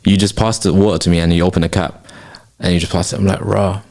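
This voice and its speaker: Low-voiced young man ranting. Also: fairly even intonation, quick pace, darkish tone. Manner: ranting, slangy, swears freely. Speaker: podcast host. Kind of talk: casual late-night chat.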